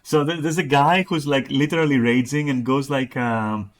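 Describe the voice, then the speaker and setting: A man's voice: mid-range voice, fairly even intonation, normal speed. A man streaming live, reading chat messages aloud and reacting with profane, mocking commentary.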